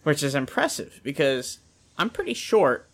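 A man's voice: on the high side, very animated, moderate pace, fairly bright tone, slight background noise. A man joking in a casual podcast chat, swearing and laughing at his own stories. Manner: joking and profane, laughs often.

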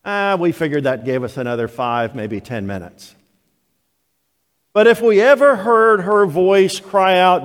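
Older man, pastor, sermon, slightly higher voice, very unhurried, long church reverb. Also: very animated. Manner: slow, deliberate storytelling delivery.

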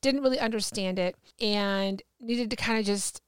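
A woman guest on a podcast, telling a personal story in a casual, animated way and acting out the dialogue. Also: medium pitch, moderate pace, clear, resonant tone, dry recording. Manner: animated, acts out quoted dialogue. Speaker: guest medium.

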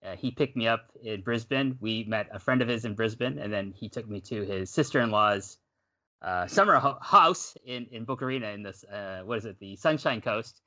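A man's voice: fairly low pitch, moderate pace. A Canadian man co-hosting a podcast, chatting casually and rambling off on tangents. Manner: rambling, animated, self-correcting. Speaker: podcast co-host.

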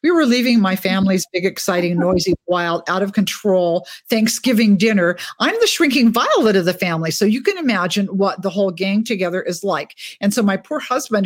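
A woman author chatting in an interview, telling lively stories about her books and life. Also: medium pitch, brisk, few pauses, no echo, studio quality. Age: older. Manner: chatty, animated storyteller. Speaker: author guest. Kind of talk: casual interview chat. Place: home, West Coast.

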